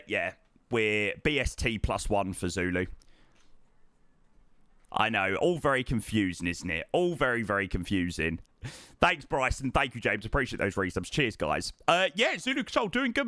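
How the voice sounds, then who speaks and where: A man's voice: medium pitch, fairly bright tone, dry recording, clean studio sound. A man, chatting casually to viewers during a flight sim stream, greeting them by name and repeating words. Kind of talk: casual live-stream chat.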